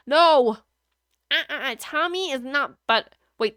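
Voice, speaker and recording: A woman's voice: medium pitch, lively intonation, normal speed, fairly bright tone, dry recording, clean studio sound. A woman streaming a video game, chatting casually in a giggly, rambling, playful way into a USB microphone at home. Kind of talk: casual gameplay chat.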